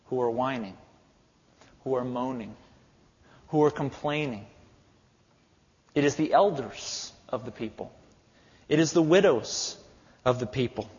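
A man's voice: medium pitch, a little mellow, slightly rough. A male pastor preaching a sermon in a church, with an emphatic, repetitive cadence. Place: church sanctuary. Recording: echoey hall, dull lo-fi sound.

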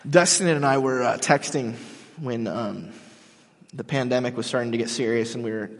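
Husky-voiced man preaching in an echoey hall. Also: mid-range voice, moderate pace. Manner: animated, emphatic preaching with frequent restarts. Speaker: pastor. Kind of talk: sermon.

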